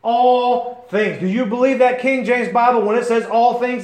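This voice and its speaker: Impassioned high-voiced male preacher, echoey room. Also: fairly even intonation, moderate pace. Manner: impassioned, swings between shouting and near-whispering; addresses listeners by name. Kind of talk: sermon.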